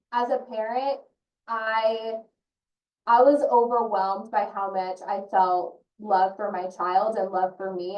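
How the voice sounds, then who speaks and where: A woman's voice: mid-range voice, muffled recording. Woman, early childhood consultant, earnest and personal, echoey room, distant from the mic. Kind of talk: presenting in an online training session. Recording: roomy echo from a distant mic.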